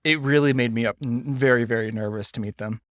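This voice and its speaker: A man's voice: medium pitch, fast, a bit bright, no room sound, clean studio sound. A man in his thirties co-hosting a casual podcast, teasing in a playful way and often restarting his sentences. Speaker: podcast co-host. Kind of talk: casual chat.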